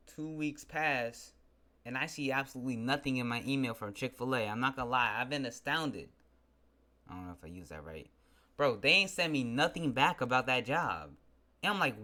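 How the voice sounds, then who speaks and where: A young man in a casual vlog, ranting in an animated, slangy, exasperated way. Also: mid-range voice. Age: young adult. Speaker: vlogger. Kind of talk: casual venting monologue.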